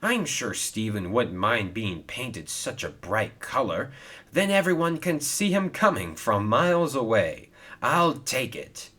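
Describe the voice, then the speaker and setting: A man's voice: mid-range voice, big pitch swings, measured pace, sharp tone, exaggerated voice. A man voicing a kind, helpful male steam engine who speaks earnestly and reassuringly.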